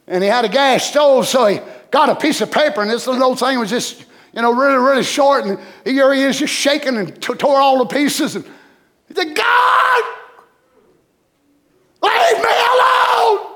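A man preaching a sermon, dropping to low murmurs and rising to loud shouts.

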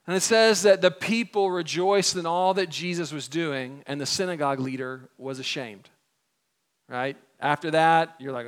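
High-pitched man, young adult, pastor giving a sermon, chatty, acts out the characters. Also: normal speed, fairly bright tone. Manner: conversational, acts out the people in the story.

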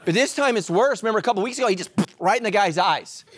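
A man preaching a sermon as pastor, telling stories with humor and swinging between loud emphasis and hushed asides. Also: high-pitched, expressive, fast.

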